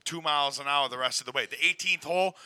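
A man's voice: on the high side, fast, sharp tone, smooth, dry recording, clean studio sound. A young man in a casual profane chat who agrees along and rambles through his complaints.

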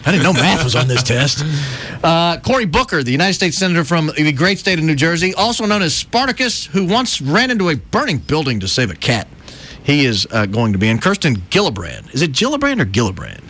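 Lively, sarcastic male radio host. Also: fairly high pitch, fairly quick. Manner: sarcastic, jokey, laughs often. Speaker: radio talk show host. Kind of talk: casual radio banter.

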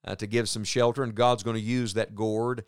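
This Bible teacher's voice sits on the low side, clear and resonant, with little pitch movement and a normal speed. Recorded in studio quality without room sound, he reads scripture on the radio and earnestly unpacks it like a pastor.

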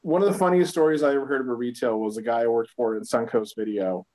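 A man's voice: medium pitch, fast, a little mellow. A man chatting casually on a podcast, joking and restarting his sentences. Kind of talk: casual chat.

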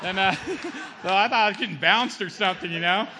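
A man's voice: sits high, fairly quick, in a large hall, background noise. A middle-aged man giving a spoken church testimony in a conversational way, often asking the audience "okay?" and calling them "man". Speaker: testimony speaker.

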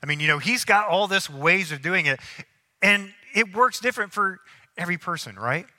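A man preaching a sermon as a pastor, telling lively stories and acting out the people in them. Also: high-pitched, normal speed. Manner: animated storytelling, acting out people in anecdotes. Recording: long hall reverb.

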